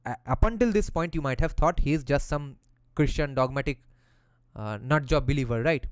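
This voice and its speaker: A man's voice: mid-range voice, normal speed, smooth, dry recording. A man who reads passages from a philosophy text aloud and explains them in a casual way, using slang and the odd swear word.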